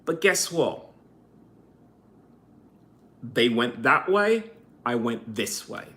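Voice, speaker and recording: A man's voice: mid-range voice, very animated, very slow, bright, forceful tone. A man vlogging a heated, profane rant to camera, full of sarcastic rhetorical questions. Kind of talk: ranting monologue to camera.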